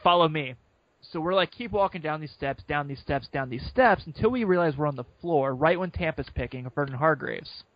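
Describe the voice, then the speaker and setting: A man co-hosting a casual sports podcast, telling an excited story and quoting people as he goes. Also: on the high side, no echo. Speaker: podcast co-host. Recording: muffled lo-fi sound.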